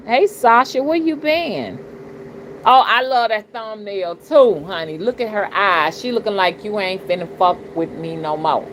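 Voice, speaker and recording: A middle-aged woman talks straight and profane in a casual livestream, preachy and emphatic, keeps checking that listeners follow her. Her voice sits in a middle range. There is a clear background noise under the recording. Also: medium pitch, lively intonation, a little slow, a bit bright, low-quality recording. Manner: blunt, profane, preachy, repeats "you understand?". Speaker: spiritual reader and channel host. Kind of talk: casual livestream talk, greeting chat.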